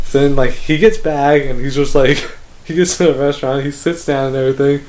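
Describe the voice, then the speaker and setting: A man's voice: mid-range voice, fairly quick, darkish tone. A young man co-hosting a podcast, telling a travel story in casual chat, full of "like", swearing and laughter. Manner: rambling storyteller, heavy "like" filler, swears, laughs often. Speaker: podcast co-host.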